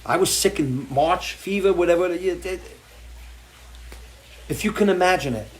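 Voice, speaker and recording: Speaking at normal speed in a high voice, a man hosts a live music livestream on his home porch. His off-the-cuff talk turns into a passionate, swearing rant with many restarts.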